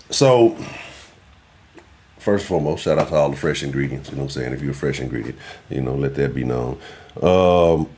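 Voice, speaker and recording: Deep-voiced, profane sports host. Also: male voice, a little mellow. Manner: profane, loose, grumbling. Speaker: sports talk show host. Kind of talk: casual live sports talk stream.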